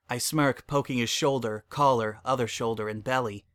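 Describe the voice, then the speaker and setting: A man's voice: medium pitch, normal speed, hardly any pauses. A man narrating a first-person story and acting out its dialogue expressively.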